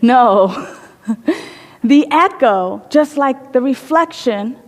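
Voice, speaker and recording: A woman's voice: high-pitched, lively intonation, slow, long reverb tail. A woman giving an inspirational sermon in a reflective manner, telling stories and repeating phrases for emphasis. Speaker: inspirational speaker.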